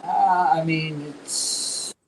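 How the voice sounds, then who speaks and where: A man, a guest angler, talking casually about bass fishing and telling lively stories. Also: very slow, slight background noise, poor audio. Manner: animated storyteller.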